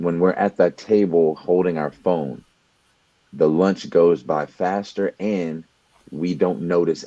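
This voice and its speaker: A young man talks in an earnest, motivational way, often doubling back on his words as he builds toward a point. His voice sits very low and mellow. The recording is dry and a little dull, with no room sound. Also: no room sound. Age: young adult. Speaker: podcast co-host. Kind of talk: motivational talk.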